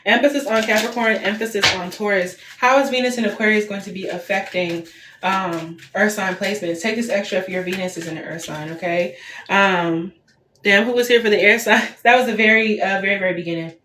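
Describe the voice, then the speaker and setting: A woman in her twenties talks through a tarot reading on a casual livestream. She is chatty and loose, repeats herself, and leans on fillers. Her voice sits in a middling pitch, in a roomy, echoey space with faint hiss behind. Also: fairly quick, sharp tone. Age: 20s. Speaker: tarot reader.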